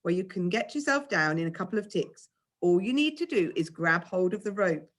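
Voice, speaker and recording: Kindly climbing coach, male, reassuring and steady, lively intonation; a woman reads him. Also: fairly low pitch, a little fast. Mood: coaxing. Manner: coaxing, reassuring. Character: patient, encouraging male climbing instructor. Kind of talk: reading a children's novel aloud.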